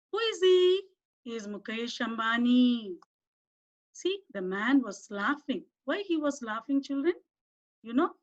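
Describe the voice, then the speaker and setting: A woman teacher with an Indian English accent giving a lesson to young children, coaxing them with questions and asking them to repeat words. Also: high voice. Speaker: primary school English teacher. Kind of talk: online class lesson for children. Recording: dull lo-fi recording.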